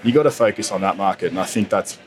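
A man's voice: deep voice, fast talker, slight background noise. A man in his thirties with an Australian accent, a guest on a podcast chatting casually and telling stories with lots of fillers. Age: 30s. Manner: animated storyteller, lots of "mate" and fillers. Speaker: guest rugby player.

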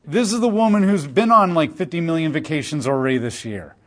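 A man's voice: a little high, a little fast, fairly bright tone. A man preaching through a Bible passage, reading verses aloud and then explaining them in emphatic plain talk. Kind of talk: expository Bible teaching.

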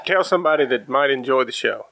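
A man's voice: mid-range voice, animated, quick pace, gravelly, bright, forceful tone, no room sound. A man co-hosting a podcast in casual chat, laid-back and plainspoken, swearing freely. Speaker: podcast co-host.

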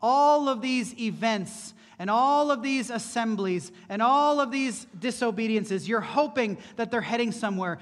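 High-voiced man preaching in a reverberant hall. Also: expressive, unhurried, hardly any pauses. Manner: earnest, rhetorical questions to the congregation. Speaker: pastor. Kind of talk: sermon. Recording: long reverb from a large hall.

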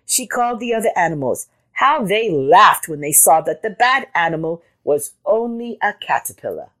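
A woman hosting a children's story channel, reading a storybook aloud with expressive sound words. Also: fairly low pitch, moderate pace. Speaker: storyteller host.

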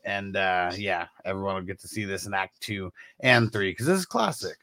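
A man's voice: low-pitched, normal speed, bright, forceful tone, slight background noise. A man co-hosting a podcast, chatting casually and hesitantly about when he will play a clip. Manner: hesitant, filler-heavy. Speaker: podcast co-host.

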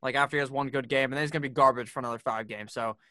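A man's voice: medium pitch, fairly even intonation, very fast, bright, forceful tone, no room sound, clean studio sound. A man hosting a casual sports podcast, joking and swearing freely as he runs through picks. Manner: profane, joking, brash. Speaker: podcast host.

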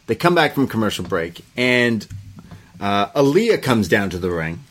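A young man in casual podcast chat, reviewing wrestling with a joking, animated delivery. He retells scenes by acting out what people said. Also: on the low side, moderate pace, slight background noise. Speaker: podcast co-host.

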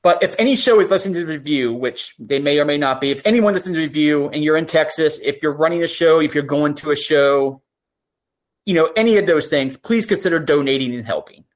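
A woman's voice: low-pitched, fast talker. Earnest woman guest on a podcast. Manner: earnest, gets emotional when serious. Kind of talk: casual podcast chat.

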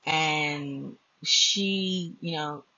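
A woman's voice: low voice, extremely slow, pushed and bright, dry recording. A woman podcast host telling a personal ghost story in a blunt, profane, casual way. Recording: dull lo-fi dry recording.

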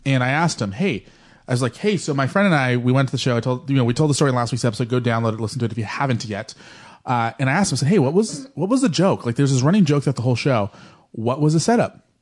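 A man's voice: medium pitch, animated, rapid-fire. A man co-hosting a podcast in casual chat, joking and telling rambling stories. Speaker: podcast co-host.

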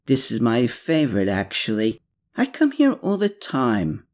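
A male narrator voicing a kind, gentle young woman who speaks softly and a little hesitantly. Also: mid-range voice, wildly swooping pitch, a little slow. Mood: warm.

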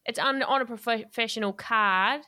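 Smooth-voiced woman telling a story. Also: a little high, moderate pace, dry recording, studio quality. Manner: lively, laughs often while telling a story. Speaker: guest. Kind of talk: storytelling in a podcast interview.

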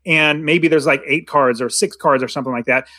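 A man's voice: fairly high pitch, brisk, bright, forceful tone, no echo. A man co-hosting a casual movie discussion, talking in a rambling way with many restarts. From United States. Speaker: podcast co-host.

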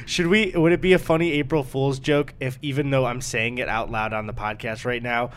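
Young man, podcast co-host, rambling, swears a lot, quick laughs, mid-pitched voice. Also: steady tone, fairly bright tone, a little hiss or hum. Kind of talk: casual podcast chat.

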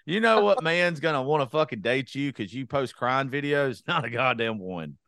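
A man's voice: mid-range voice, expressive, moderate pace, gravelly, fairly bright tone, no room sound, clean studio sound. A young man hosting a podcast, talking bluntly in a casual, profane rant. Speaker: podcast host.

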